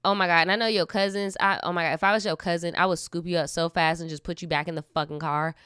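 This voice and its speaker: A woman's voice: on the low side, steady tone, fast talker, fairly bright tone, clear, resonant tone, no echo, clean studio sound. A young adult woman hosting a casual storytime, reacting with slangy, candid commentary and laughing asides. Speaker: storytime host.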